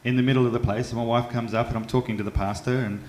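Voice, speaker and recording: Australian male comic, mid-pitched, stumbling and self-deprecating, roomy club sound. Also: fairly even intonation, rapid-fire, a little mellow. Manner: chatty, self-mocking, with frequent stumbles and fillers. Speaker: stand-up comedian. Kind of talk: stand-up comedy set. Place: comedy club stage. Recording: roomy club sound with faint background noise.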